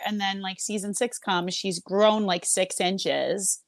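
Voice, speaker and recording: A woman guesting on a podcast, chatting casually and reacting quickly. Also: medium pitch, dry recording. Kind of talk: casual chat.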